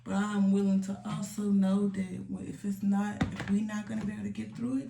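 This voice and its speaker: A young woman vlogs from home in a candid, slangy, confessional way, now and then sinking into soft asides. Her voice has a gravelly edge, and it sits a little back from the mic in a roomy-sounding space with a faint hiss behind it. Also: medium pitch, little pitch movement, brisk, recorded from a distance. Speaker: vlogger. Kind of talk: casual confessional chat. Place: home room.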